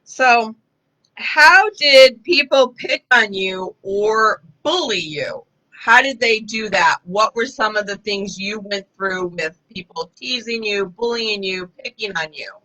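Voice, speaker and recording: Woman host of a live chat; bright voice, steady questioning. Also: medium pitch, takes it slowly, poor audio. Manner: probing questions, keeps steering back to the topic. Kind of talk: casual live interview.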